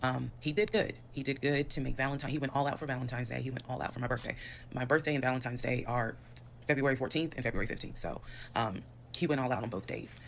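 A woman, telling a personal story in a fast, animated and detailed way. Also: rumbling low, gravelly, a little hiss or hum. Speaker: storyteller in a played video.

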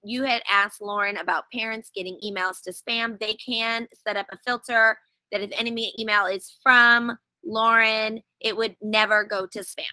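Bright-voiced woman teaching a webinar. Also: fairly high pitch, fairly even intonation, moderate pace, no room sound, low-quality recording. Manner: chatty, wry, explains step by step. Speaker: educator running a webinar. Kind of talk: casual webinar tutorial. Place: outdoors.

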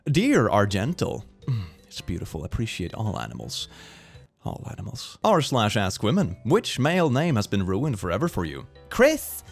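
A young man reading posts aloud and reacting with sarcastic comments, laughing often. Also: a little high. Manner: sarcastic, laughs often, puts on silly voices. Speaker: reaction video host.

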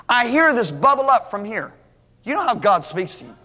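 A middle-aged man preaching a sermon as a lively story, acting out the dialogue. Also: extremely high pitch, normal speed. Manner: animated, acts out dialogue, restarts. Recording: hall reverb.

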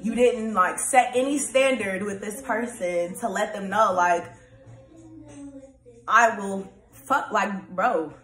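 A woman's voice: medium pitch, slow. A young woman vlogging in a casual, candid monologue, rambling with lots of fillers and often laughing. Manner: laughs often, turns loud and animated when excited. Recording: echoey room.

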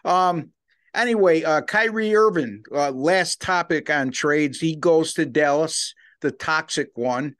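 A man's voice: fairly high pitch, measured pace, a bit bright, dry recording, clean studio sound. A man co-hosting a sports betting podcast, talking casually with plenty of fillers and easy agreement. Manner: conversational, filler-heavy, agreeable.

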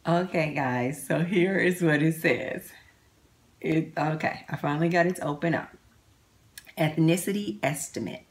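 A middle-aged woman vlogging to camera at home, chatting excitedly as she reads results off her computer. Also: low voice, unhurried. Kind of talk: casual vlog to camera.

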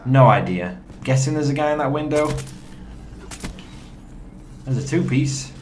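Speaking a bit slowly at a medium pitch, this young man commentates on his own gaming from home. He's excitable and talkative, addressing his viewers, and there's slight background noise.

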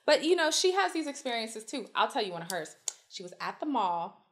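A woman guest telling stories in casual chat, animated and swearing freely as she acts out quotes. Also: a little high, a little fast. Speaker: podcast guest.

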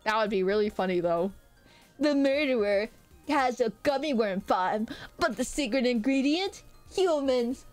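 A woman's voice: fairly high pitch, expressive, measured pace. A woman streaming as a VTuber, chatting casually with her chat in a rambling way full of hesitant fillers. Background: faint background music.

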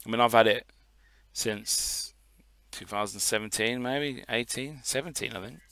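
A man's voice: mid-range voice, unhurried. A man co-hosting a podcast, chatting casually and swearing freely as he tells stories. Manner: sweary, animated storytelling. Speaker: podcast co-host. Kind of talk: casual chat.

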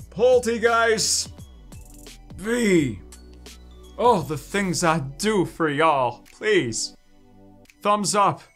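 Animated man opening trading cards. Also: sits high. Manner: playful, swoops into silly voices and mock wails. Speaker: card-opening YouTuber. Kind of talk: excited pack-opening chatter. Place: home studio.

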